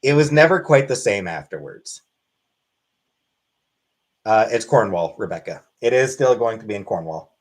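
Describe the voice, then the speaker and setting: A man hosting a casual livestream Q&A, reading chat questions aloud and answering in a wry, deadpan way. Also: fairly low pitch, moderate pace, long pauses. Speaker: livestream host.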